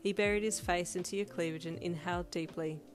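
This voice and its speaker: A woman's voice: fairly low pitch, steady tone, fairly quick. Woman narrating romance fan fiction. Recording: lofi music playing underneath. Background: lofi beat.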